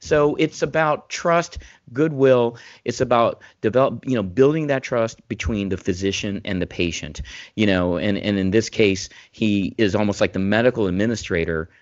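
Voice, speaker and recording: A man's voice: fairly low pitch, normal speed, dry recording. A man co-hosting a casual podcast, talking in long rambling runs with many restarts that turn emphatic. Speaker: podcast co-host, former physician. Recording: dull dry remote mic sound.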